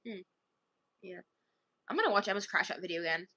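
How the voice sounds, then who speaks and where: A woman's voice: fairly low pitch, animated, a little fast, sharp tone. A woman rambling casually to viewers on a livestream, tired and chatty, with sighs between thoughts.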